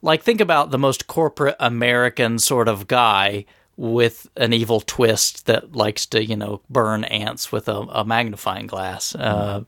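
A man co-hosting a casual gaming podcast, retelling scenes with animated delivery. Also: mid-range voice, unhurried, creaky, few pauses, dry recording, clean studio sound. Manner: animated storytelling.

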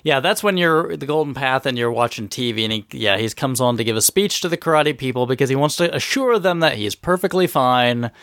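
A man chatting casually about a video game, relaxed and hedging with "I think". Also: mid-range voice, fairly quick, few pauses, no echo, clean studio sound. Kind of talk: casual gaming chat.

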